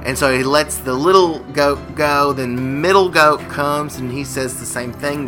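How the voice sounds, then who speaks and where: A man's voice: medium pitch, fairly even intonation, normal speed, few pauses, music in the background. A man co-hosting a comedy podcast, rambling and joking as he tells stories. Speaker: podcast co-host. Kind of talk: casual comedic banter.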